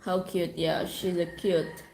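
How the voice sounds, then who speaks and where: A woman's voice: on the low side, level tone, takes it slowly, gravelly, a little mellow, roomy sound, slight background noise. A woman with a Filipino accent from Cebu, hosting a casual livestream from home, chatting and reading viewer comments aloud. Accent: Filipino (Cebuano). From Philippines. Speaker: livestream host. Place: home with pet cats.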